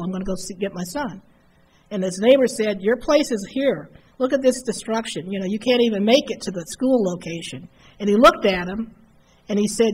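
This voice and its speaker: A woman giving a motivational keynote speech, telling a story that builds to an emphatic refrain. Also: medium pitch. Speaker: keynote speaker. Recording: faint noise, live conference hall.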